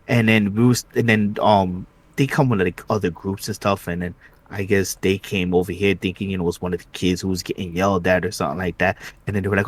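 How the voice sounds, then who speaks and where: A man with a lowish voice tells a story in relaxed podcast chat. He talks in an animated, slangy way, throwing in "you know" and "dude". His voice sits on the low side. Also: fairly quick. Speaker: podcast co-host. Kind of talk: casual chat.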